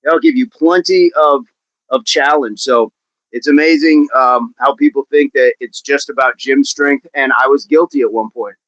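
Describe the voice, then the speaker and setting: A man's voice: mid-range voice, normal speed, fairly bright tone, no echo. A man coaching fitness on a livestream, talking with viewers in an upbeat, encouraging way and often repeating his phrases. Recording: dull, dry livestream audio.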